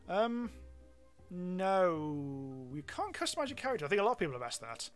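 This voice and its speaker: Chatty British man, slightly high voice. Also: very animated, normal speed, soft background music. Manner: chatty, rambling, self-mocking with frequent ums. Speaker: game streamer. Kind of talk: live gameplay commentary.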